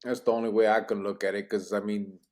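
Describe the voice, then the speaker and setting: A man's voice: on the low side, flat delivery, fast talker. A man hosting a podcast interview, reading out viewer questions in a laid-back, casual way. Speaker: podcast host.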